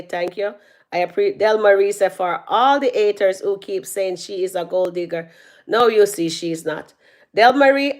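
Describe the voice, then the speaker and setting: Woman, mid pitch, phone live-stream host reading comments, chatty with loud laughs. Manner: chatty, reads out viewer comments, laughs loudly. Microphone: phone held at arm's length.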